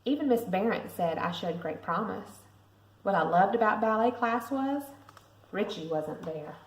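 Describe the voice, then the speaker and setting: A woman, a parent, reading a picture book aloud to a school class with lively expression. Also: medium pitch, unhurried, a little hiss or hum. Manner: expressive storytelling. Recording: roomy echo.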